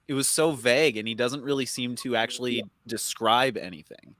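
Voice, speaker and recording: A man's voice: mid-range voice, moderate pace, few pauses, fairly bright tone, no echo, clean studio sound. A man as a podcast guest in casual chat, sounding incredulous and dismissive.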